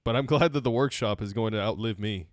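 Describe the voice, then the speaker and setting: A man co-hosting a casual writing podcast, joking and teasing the others in relaxed chat. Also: fairly low pitch, quick pace, dry recording, clean studio sound. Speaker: podcast co-host.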